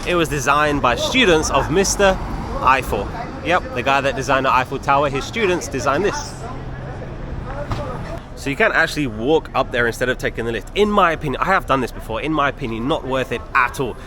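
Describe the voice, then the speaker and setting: A young man narrates a travel vlog while walking city streets, holding the camera in his hand and chatting easily to his viewers. His mid-range voice has lively intonation and he speaks a little fast. Crowd noise can be heard, along with faint street and traffic sounds.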